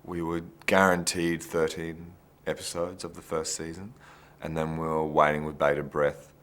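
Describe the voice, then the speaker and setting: Deep aussie guy chatting about his acting days, keeps restarting sentences. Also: completely flat delivery, moderate pace, a bit bright. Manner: chatty, anecdotal, restarts phrases. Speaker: actor interviewee. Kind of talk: behind-the-scenes interview.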